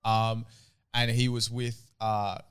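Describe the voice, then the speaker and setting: Young aussie bloke on a podcast, swears a lot, gets loud telling stories. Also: male voice, on the low side, takes it slowly, clean tone. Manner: crude, animated storytelling with heavy swearing. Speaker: podcast co-host. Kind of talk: casual chat.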